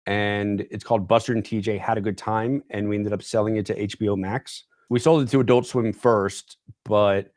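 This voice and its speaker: A man's voice: on the low side, fairly even intonation, normal speed, few pauses, darkish tone, dry recording, clean studio sound. A young man guesting on a podcast, telling a rambling story and leaning on "like" and "dude". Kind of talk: casual storytelling chat. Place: podcast studio.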